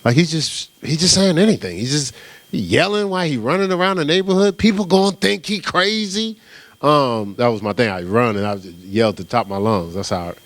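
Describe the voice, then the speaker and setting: Animated middle-aged male pastor. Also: mid-range voice, brisk. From New Jersey. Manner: animated storytelling, casual and conversational, with repeated "right?". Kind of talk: sermon.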